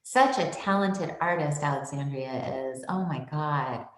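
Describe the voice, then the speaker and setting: A woman's voice: deep voice, a little slow, reverberant, slight background noise. A woman hosting a live online tea ceremony from her small home tea room, greeting viewers by name with bubbly exclamations. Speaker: host.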